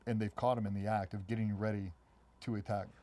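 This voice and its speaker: Speaking fast as a guest in a casual interview, a middle-aged ex-Navy SEAL spins lively stories. Whenever someone else is quoted, he pitches his voice way up to play them.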